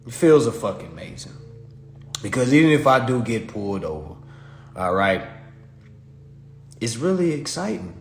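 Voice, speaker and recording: A man hosting a live stream, ranting in a casual comedic way, profane and animated, and laughing often. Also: medium pitch, moderate pace, long pauses, reverberant, soft background music.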